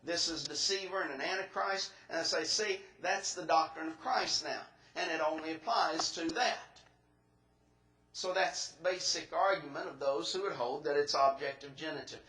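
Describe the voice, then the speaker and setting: A man's voice: a little high, normal speed, bright, forceful tone, echoey room, low-quality recording. A man preaching an expository sermon in a church, laying out his points methodically, step by step.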